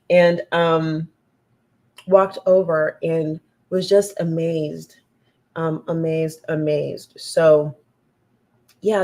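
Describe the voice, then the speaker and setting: A woman's voice: fairly low pitch, a little mellow. A woman hosting a talk show, chatting casually with her listeners and repeating points for emphasis. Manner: chatty, addresses listeners as "y'all", emphatic repetition. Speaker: host.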